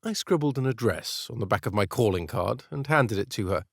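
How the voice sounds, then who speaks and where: A man's voice: fairly low pitch, lively intonation, a little fast, vocal fry, no echo. A man with a British accent narrating an audiobook in the first person, with a dry, clipped, aristocratic manner.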